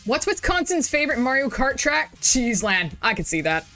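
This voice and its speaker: A woman's voice: sits high, sing-song, moderate pace, sharp tone, soft background music. An English woman streaming a game, bubbly and jokey, exclaiming often as she plays. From England. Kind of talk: casual gaming stream commentary.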